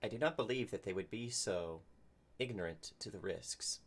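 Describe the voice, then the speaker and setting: Man, lowish voice, tabletop player, formal in-character wording. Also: normal speed. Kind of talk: tabletop role-play, in and out of character.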